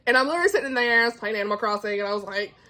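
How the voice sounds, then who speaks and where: Gushing high-voiced woman vlogger. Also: expressive, rapid-fire, bright, forceful tone. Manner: gushing, emotional, laughs often, says like a lot. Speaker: book vlogger. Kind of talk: casual reading vlog to camera. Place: at home indoors. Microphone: phone camera.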